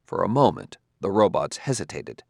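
A man reading a story aloud in a measured narrating style. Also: low voice, very animated, creaky, no echo, studio quality. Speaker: audiobook narrator. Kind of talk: scripted narration.

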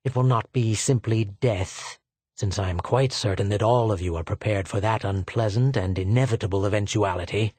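A man reading a cruel, sneering male official, speaking in a contemptuous, deliberate way. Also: on the low side, a little mellow, breathy edge, no echo. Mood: menacing.

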